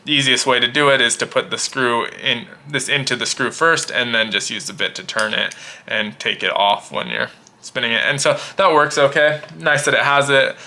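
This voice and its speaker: A man casually demonstrates and reviews gear, explaining in a relaxed way. His voice is mid-range at normal speed, and he thinks aloud with small restarts.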